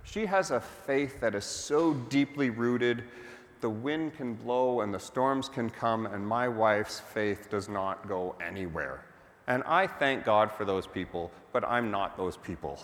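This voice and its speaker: A man's voice: fairly low pitch, a little slow, big-room sound. A man preaching a sermon as pastor, telling the story in a conversational way and putting questions to the congregation.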